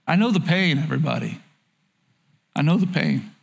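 A middle-aged male pastor delivers an earnest sermon, sinking into soft, low pleading and then rising into urgent exhortation. He is very animated, speaks at a moderate pace, and his voice is creaky.

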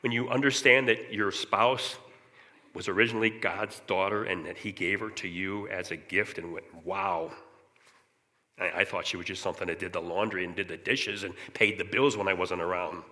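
Throat-clearing middle-aged man in a hall. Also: low-pitched, steady tone, moderate pace, sharp tone. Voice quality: clears his throat often. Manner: earnest, candid storytelling. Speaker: church speaker giving testimony. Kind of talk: personal testimony talk. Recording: long reverb of a large hall.

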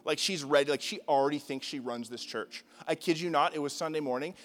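A man's voice: a little high, brisk, a bit bright, big-room sound. A young man preaching a sermon, casual and joking, with lots of filler words. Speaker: pastor. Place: church hall.

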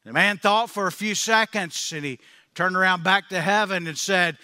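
A man's voice: sits high, moderate pace, bright, forceful tone, in a large hall. A male pastor preaching a sermon with emphatic, repeating phrases, in a church.

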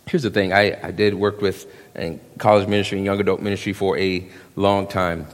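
A man, preaching a sermon, swinging between hushed asides and loud emphasis and acting out quick quotes. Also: deep voice, level tone. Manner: drops into quick voiced quotes of young men. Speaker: pastor. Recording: long reverb of a church hall.

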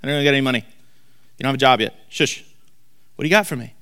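A man voicing a selfish, demanding parent who scolds a child impatiently and gruffly. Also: medium pitch, fast, sharp tone, voice pushed down, natural voice. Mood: scolding.

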